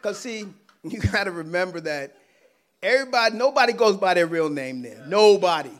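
A man with a fairly high voice shares a personal testimony in casual storytelling mode. He is animated and laughs often. His volume swings between loud bursts and hushed asides. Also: moderate pace. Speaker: guest sharing a personal testimony.

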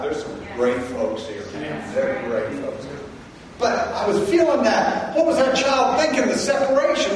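A male pastor preaching a sermon, swinging between loud emphasis and quiet intensity. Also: extremely high pitch. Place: large church hall. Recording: echoey hall from far off.

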